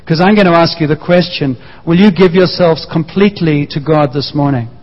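A man with a fairly high voice delivers a Sunday sermon, leaning on repeated phrases and drawn-out emphasis. His voice rings through a large church with a long reverb tail. The sound is slightly dull and muffled. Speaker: pastor. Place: church hall.

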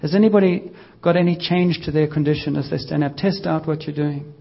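Husky pastor guy leading a healing prayer, joking and gently coaxing folks, muffled lo-fi sound. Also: a little high, steady tone, fairly quick. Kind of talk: informal church healing session.

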